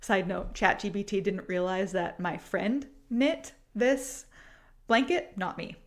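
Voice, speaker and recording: A woman's voice: medium pitch, expressive, takes it slowly. A woman host reading a playful story aloud and commenting on it, giggling often. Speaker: podcast host.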